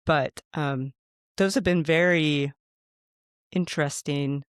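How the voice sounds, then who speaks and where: A man's voice: on the high side, steady tone, slow, fairly bright tone, smooth, no room sound, clean studio sound. Earnest man telling a story. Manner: earnest, conversational, acts out his own thoughts. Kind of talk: storytelling in conversation.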